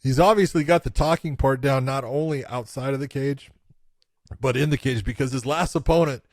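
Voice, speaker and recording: A man co-hosting a fight podcast, explaining things in measured casual chat. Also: medium pitch, no room sound, studio quality. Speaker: podcast co-host, former referee.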